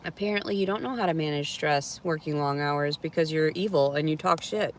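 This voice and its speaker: A woman's voice: sits low, brisk, hardly any pauses, slight background noise. A woman chatting candidly outdoors in a park, often laughing and swearing freely as she reacts to messages. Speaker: reality show subject reacting to viewer messages. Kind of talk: casual chat.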